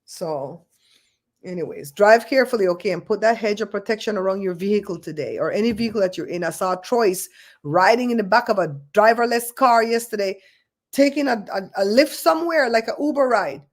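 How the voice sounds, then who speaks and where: A woman hosting a casual livestream, chatting and telling stories in an expressive way. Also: medium pitch, brisk. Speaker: livestream host.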